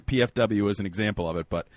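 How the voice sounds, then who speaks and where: A man co-hosting a sports radio show, talking fast and wound up. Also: fairly low pitch. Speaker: co-host. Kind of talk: casual sports radio chat.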